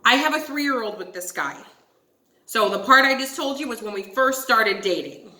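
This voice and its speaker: With an expressive, sharp, high-leaning voice and a moderate pace, a young woman tells a story on her casual vlog. She's animated, swears, and refers to viewers as "guys," and the room is echoey.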